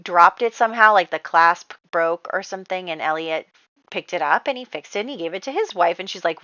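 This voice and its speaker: A woman's voice: fairly low pitch, animated, a little fast, bright, forceful tone, dry recording, dull audio. A woman narrating a life-sim game in a chatty, casual storytelling way, full of fillers. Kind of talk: casual let's-play storytelling.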